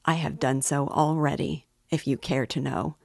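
A woman's voice: deep voice, steady tone, normal speed, gravelly, slightly rough, no room sound, full character voice. Blunt young guy, woman reading him, dry sound. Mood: defiant.

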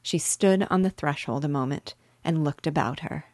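Low-voiced woman reading a children's story. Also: moderate pace, few pauses, darkish tone, no room sound, studio quality.

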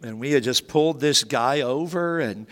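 A man in his fifties preaching a sermon as pastor, animated and joking, with sudden emphatic bursts. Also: mid-range voice, moderate pace. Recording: long hall reverb.

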